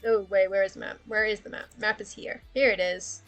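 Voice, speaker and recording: A woman's voice: mid-range voice, fairly even intonation, brisk, soft background music. A woman livestreaming casually, rambling and thinking aloud with frequent laughter. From Australia. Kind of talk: casual livestream chat about worldbuilding.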